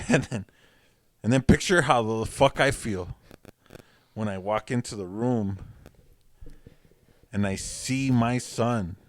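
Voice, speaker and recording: A man's voice: medium pitch, takes it slowly, pauses often, no echo. A man in his forties, co-hosting a podcast in casual, profane chat and laughing often. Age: 40s. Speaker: podcast co-host.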